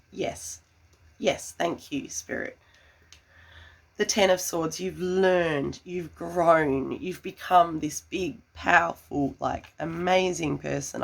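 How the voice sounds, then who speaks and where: A woman giving a tarot reading, gushing and full of fillers, breaking into excited laughter. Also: lowish voice, creaky, breathy edge. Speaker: tarot reader.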